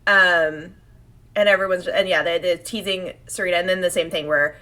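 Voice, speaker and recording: A woman co-hosting a casual podcast, recapping an episode and acting out the characters' lines in quick quotes. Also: on the low side, fairly even intonation, pushed and bright. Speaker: podcast co-host.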